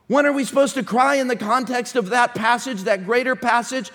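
High-voiced preacher in a reverberant hall. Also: male voice, fairly quick, few pauses. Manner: swings from shouting to hushed whispers. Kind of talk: sermon.

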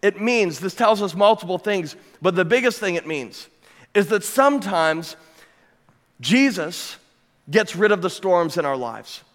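A man preaching a sermon as pastor, his voice sitting a touch high for a man. He presses his points with repetition and rhetorical questions. The sound rings out with a long reverb, as in a big church sanctuary. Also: lively intonation, measured pace, fairly bright tone. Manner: emphatic, building with repeated phrases and rhetorical questions.

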